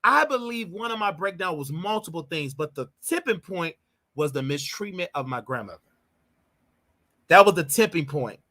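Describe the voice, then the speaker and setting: Man with a bright voice recounting emotionally. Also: on the high side, moderate pace. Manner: emotional, animated, repeats himself. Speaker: show host. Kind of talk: personal storytelling monologue.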